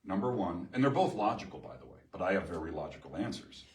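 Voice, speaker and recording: A middle-aged man presents a live seminar to an audience in a meeting room, lively and emphatic, often asking the room questions. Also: low-pitched, fast, slight background noise. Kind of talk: live workshop talk to an audience. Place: chamber of commerce meeting room. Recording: echoey room from far off.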